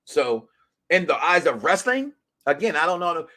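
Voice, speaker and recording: A man hosting a wrestling talk podcast, talking loosely in slang, jumping between excited shouts and muttered asides. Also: on the high side, normal speed. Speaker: podcast host.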